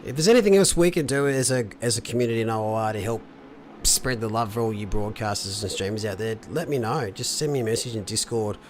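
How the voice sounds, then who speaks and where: A man's voice: lowish voice, quick pace, slight background noise. A man casually commentating an online sim race, chatty and joking. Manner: chatty, joking, giving advice.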